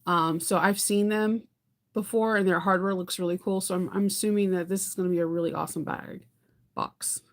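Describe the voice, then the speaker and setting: A woman's voice: lowish voice, steady tone, brisk. A woman hosting a casual sewing livestream, chatting in a rambling way, laughing often and answering viewer comments. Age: adult parent.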